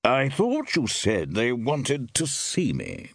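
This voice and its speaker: A man doing a gruff, weary official. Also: mid-range voice, wildly swooping pitch, takes it slowly, no echo, clean studio sound, voice pushed up, exaggerated voice. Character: gruff, gloomy older male official.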